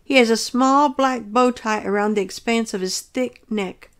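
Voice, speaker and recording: Earnest woman reading a dream account. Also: a little high. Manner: earnest, measured and descriptive. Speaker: narrator of her dreams.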